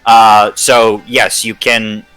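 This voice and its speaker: A man running a tabletop game, talking slowly and stopping often with uh and restarts. His voice is bright and forward, and faint music plays in the background. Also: on the low side, little pitch movement, clear, resonant tone, low-quality recording. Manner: slow, halting, with many fillers. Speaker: game master.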